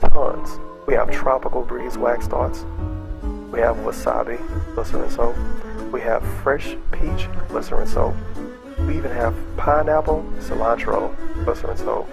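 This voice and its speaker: Man, parody ad read, gravelly voice, pushy sales patter, music bed underneath. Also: mid-range voice, rough recording. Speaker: mock advertisement reader.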